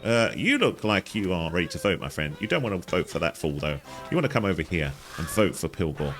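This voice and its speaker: Man, low voice, swings up and down a lot, jokey game guide, faint music under him. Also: big pitch swings, fairly quick, fairly bright tone. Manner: jokey, talks to characters in silly voices, jumps high in pitch. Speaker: gaming guide host. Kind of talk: playful game walkthrough commentary.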